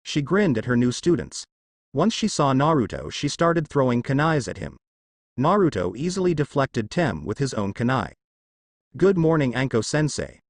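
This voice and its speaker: A man reading fan fiction aloud as narrator, in a lively, sing-song delivery. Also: medium pitch, moderate pace, dry recording, studio quality.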